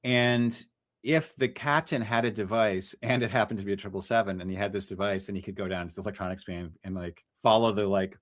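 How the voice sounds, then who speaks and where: A middle-aged man with a lowish voice talks in a loose, conversational way. He is a freelance journalist who often breaks off mid-phrase and starts again as he works through his ideas. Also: fairly even intonation, brisk. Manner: restless, self-correcting, many restarts and fillers. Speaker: freelance journalist, podcast guest. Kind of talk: casual conversational interview.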